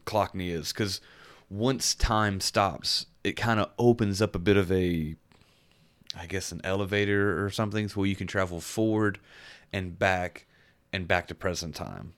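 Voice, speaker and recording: Reviewing a game as a podcast co-host, a very deep-voiced man chats casually, though his tone is fairly bright. He rambles, restarts sentences, and searches for the right words as he goes.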